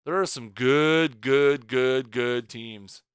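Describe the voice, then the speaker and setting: A man's voice: mid-range voice, takes it slowly, clean tone, no echo. A man hosting a game livestream, chatting casually and joking playfully with his viewers. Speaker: stream host.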